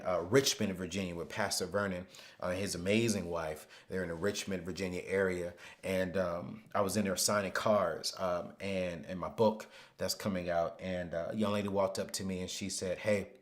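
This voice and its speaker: A man hosting a live finance webinar, speaking emphatically and repeating phrases, sometimes dropping to a hushed storytelling voice. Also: sits low, level tone, normal speed. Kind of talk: live motivational money teaching.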